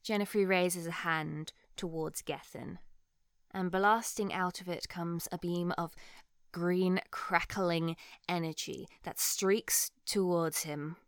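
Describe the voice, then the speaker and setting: A woman narrating calmly as game master of a tabletop game. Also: fairly low pitch, takes it slowly, smooth, dry recording, clean studio sound.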